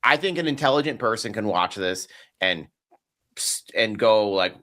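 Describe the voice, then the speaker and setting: Male co-host, casual, bright edgy voice, halting and blunt. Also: fairly low pitch, expressive. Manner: hesitant restarts, blunt swearing. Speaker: podcast co-host. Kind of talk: casual film discussion.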